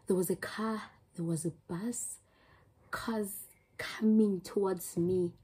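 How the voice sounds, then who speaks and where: A young adult YouTuber with a South African accent tells an emotional, rambling storytime to her channel, restarting often. Her mid-range voice is steady, slow, a little mellow and slightly rough, and the recording quality is low.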